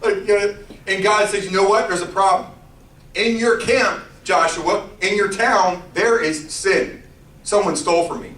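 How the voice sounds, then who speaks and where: Man, youth pastor, high bright voice, lively storytelling, echoey room from far off. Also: measured pace. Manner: animated storytelling with playful character voices. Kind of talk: youth sermon.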